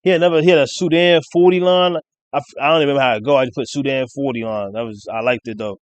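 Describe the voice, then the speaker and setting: A man, rambling casually through a rap battle recap and reciting lines excitedly. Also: rapid-fire. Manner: rambling, excited, quotes bars with rising pitch.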